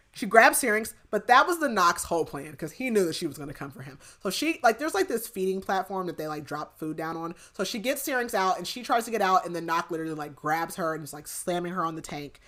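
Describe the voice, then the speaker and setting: Bright, chatty young woman recapping a book. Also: fairly low pitch. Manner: rambling, filler-heavy retelling with lots of "like". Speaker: podcast co-host. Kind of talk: casual book recap chat.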